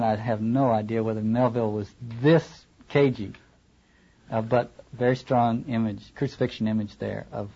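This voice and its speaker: A man's voice: medium pitch, warm tone, breathy edge, muffled recording. A man lecturing on literature, reading passages aloud and adding wry asides.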